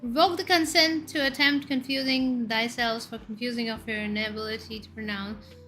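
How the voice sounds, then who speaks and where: A woman's voice: a little high, steady tone, moderate pace, sharp tone, soft background music. A young woman streaming, chatting casually and playfully with her chat and stumbling over tongue-twisters.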